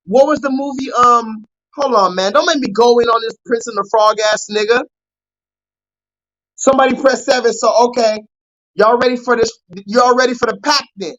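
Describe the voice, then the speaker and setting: A young adult man hosting a live call-in stream, ranting loudly and profanely at the chat and mocking his target. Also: very high-pitched, moderate pace, lo-fi sound. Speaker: livestream host.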